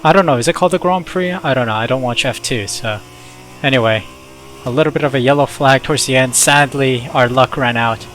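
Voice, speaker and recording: A young man, a gaming YouTuber, giving casual commentary as he plays with chatty, excitable reactions. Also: mid-range voice, a little fast, slight background noise.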